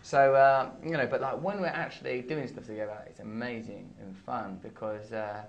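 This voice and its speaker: A man in his thirties with an English accent, a comedian guest in an interview, rambling through absurd deadpan jokes. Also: medium pitch, normal speed, creaky. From England. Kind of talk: playful interview banter.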